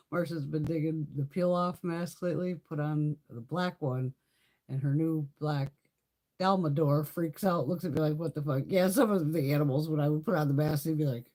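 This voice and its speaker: A woman's voice: low-pitched, steady tone, moderate pace, warm tone. A woman hosting a live beauty stream, chatting casually while trying on makeup, laughing often and swearing freely. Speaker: beauty livestream host. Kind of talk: casual chat during makeup try-on.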